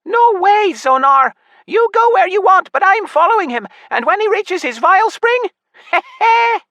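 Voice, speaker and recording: A man voicing a greedy, excitable little male imp with a squeaky, squawking voice in an audiobook. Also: a little slow, no room sound, dull audio, heavily acted. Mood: indignant. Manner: shrill and wheedling. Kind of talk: audiobook character voice.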